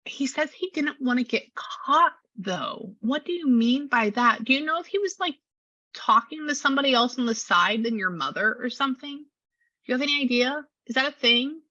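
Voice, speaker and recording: A woman's voice: high-pitched, lively intonation, moderate pace, pushed and bright, dry recording, muffled recording. A woman working as a spiritual medium, chatting casually with a client and relaying a spirit's words in quotes. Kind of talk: casual reading session with a client.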